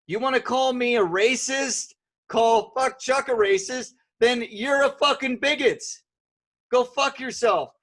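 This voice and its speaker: A man's voice: very high-pitched, unhurried, fairly bright tone. A man hosting a podcast in casual chat, blunt and profane in his rants. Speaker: podcast host.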